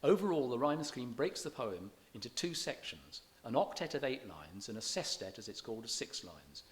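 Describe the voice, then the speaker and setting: A scholarly man lecturing on poetry at a middle pitch, his delivery measured and careful, slowing to stress the beats when he reads verse aloud. A faint hiss sits under the recording. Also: big pitch swings. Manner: halting restarts, scholarly. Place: church hall.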